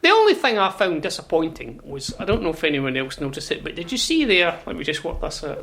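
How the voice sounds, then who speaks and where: A man's voice: on the high side, huge pitch swings, a little fast, hardly any pauses, fairly bright tone. A man co-presenting a fan radio show in a small studio, rambling and chuckling as he talks. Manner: rambling, chuckling, repeats himself. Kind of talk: casual fan radio chat.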